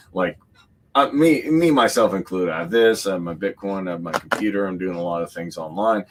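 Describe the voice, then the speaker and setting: A man's voice: low-pitched, fairly bright tone. A man talking in a casual political podcast chat, rambling and slipping into mock voices as he quotes others.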